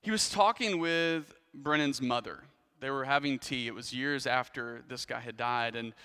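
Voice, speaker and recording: Bright-voiced man preaching in a church. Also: medium pitch, in a large hall. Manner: conversational storytelling with restarts and asides. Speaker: pastor. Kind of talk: sermon.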